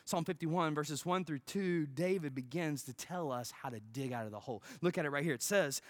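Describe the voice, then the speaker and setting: Pastor giving a sermon, conversational and dramatic, very animated pitch, dry room. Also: fairly quick, hardly any pauses, no echo. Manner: dramatic, swings from loud to near-whisper; peppers phrases with "right?".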